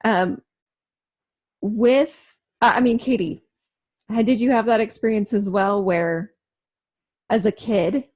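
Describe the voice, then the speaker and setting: A woman co-host chatting casually on a podcast, musing and halting as she thinks aloud. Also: mid-range voice, darkish tone. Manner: musing, halting with restarts and fillers. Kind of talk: casual chat.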